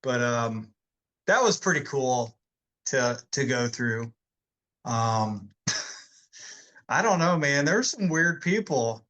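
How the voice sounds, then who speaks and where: A man's voice: mid-range voice, animated, slow pace, long pauses, bright, forceful tone, rough recording. A man in his forties, an army veteran telling rambling stories in a casual interview, laughing often between many fillers. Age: 40s.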